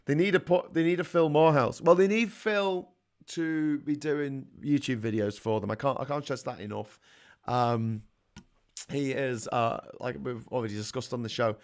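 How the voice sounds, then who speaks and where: A middle-aged man with a Scouse accent hosts a live call-in stream, reading viewer comments aloud and answering them with blunt, opinionated rants that swear and build in heat. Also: mid-range voice. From Liverpool, England. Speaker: host of a live call-in chat show.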